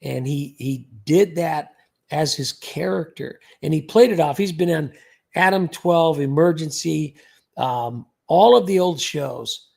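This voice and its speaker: An older man chatting loosely on a livestream. He has a fairly high voice with a gravelly, husky grain, and he rambles along with lots of ums and restarts. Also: unhurried, a little mellow. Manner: rambling, chatty, full of fillers. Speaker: host. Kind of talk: casual livestream chat.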